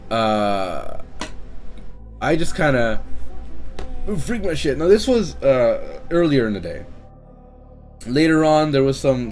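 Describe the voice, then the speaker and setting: A man telling a story to camera in a casual vlog, excitable and anxious, swearing often and stammering through restarts. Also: medium pitch. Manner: excitable, swears a lot, loud bursts of disbelief. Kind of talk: casual story-time monologue.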